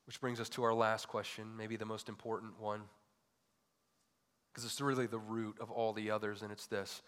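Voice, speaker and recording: Man preaching with bright ringing tone. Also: flat delivery, normal speed. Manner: rhetorical questions, rising to loud emphatic peaks then dropping low. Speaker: pastor. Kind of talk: sermon. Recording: long hall reverb.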